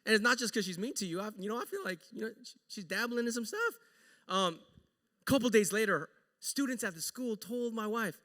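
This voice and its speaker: A man, a pastor, telling a story in a sermon in an animated, joking, conversational way, recorded in a church sanctuary. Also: high-pitched, fairly quick, in a large hall.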